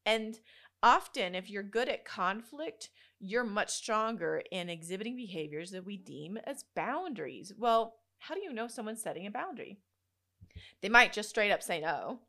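A young adult woman hosting a casual solo podcast, telling stories with lots of laughter. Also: medium pitch. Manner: animated storyteller, laughs often. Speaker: podcast host.

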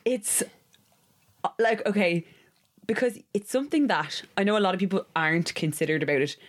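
A woman co-hosting a podcast, telling stories in a casual, animated way and swearing freely. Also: medium pitch, a little fast. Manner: animated storytelling, swears freely, acts out her inner voice. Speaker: podcast co-host. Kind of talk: casual chat.

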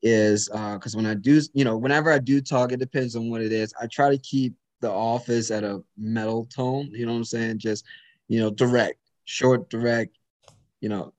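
A man's voice: mid-range voice, steady tone, normal speed, a little mellow. A man in a casual chat, talking emphatically and telling a story about work. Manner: emphatic, storytelling, frequent "you know what I'm saying".

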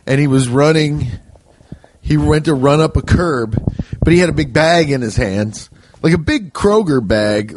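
A man's voice: fairly high pitch, a little mellow, no room sound. A man who is a stand-up comedian and podcast host, telling a rambling, profane comic story and correcting himself as he goes.

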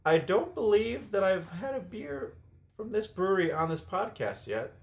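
A man's voice: high-pitched, lively intonation, moderate pace. A man co-hosting a podcast, chatting casually, rambling and laughing often. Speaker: podcast co-host. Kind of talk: casual chat.

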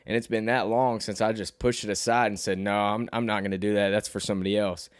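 A man's voice: fast talker, dry recording, studio quality. Young Southern man rambling on his podcast. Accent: Southern US, slight twang. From Arkansas, US. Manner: rambling, self-deprecating, restarts often, rises in pitch when animated. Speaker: podcast host and rapper. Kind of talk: solo podcast monologue.

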